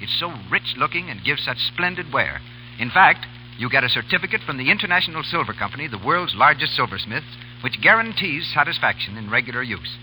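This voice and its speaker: A man's voice: medium pitch, big pitch swings, brisk, bright, forceful tone, a little hiss or hum, low-quality recording. A man reading a persuasive, enthusiastic advertisement on 1930s radio. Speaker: announcer.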